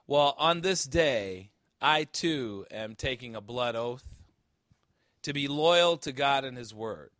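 A man's voice: mid-range voice, expressive, slow pace, a bit bright, dry recording, studio quality. A man from Chicago preaching a sermon as pastor into a handheld microphone, pressing the congregation with emphatic rhetorical questions. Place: church.

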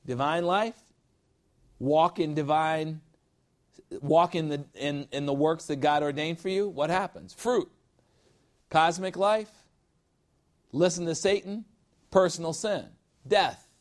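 A man teaching a sermon-style Bible lesson, reading scripture slowly and adding emphatic, jokey asides. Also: a little high.

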